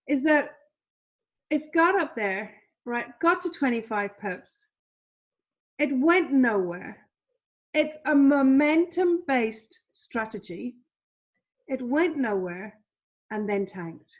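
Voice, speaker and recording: A woman's voice: high voice, lively intonation, slow, pauses often. A woman teaching a trading lesson over a shared screen, chatty, repeating herself, with many fillers. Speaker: trading coach.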